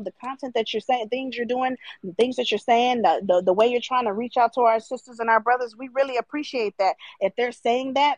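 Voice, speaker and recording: A woman's voice: on the high side, a little mellow, dry recording, low-quality recording. A young woman arguing her point on a live stream, emphatic and mocking, now and then mimicking her critics. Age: 20s. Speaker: livestream guest. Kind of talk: heated debate.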